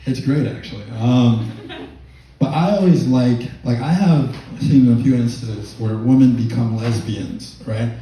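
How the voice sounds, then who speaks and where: A man doing a stand-up set, his voice dark and mellow and heard from a distance in a very echoey club. He tells stories loosely, with lots of fillers, and laughs through his lines. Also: mid-range voice, measured pace. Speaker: stand-up comedian. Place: comedy club stage with audience laughter. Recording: echoey room, mic far off.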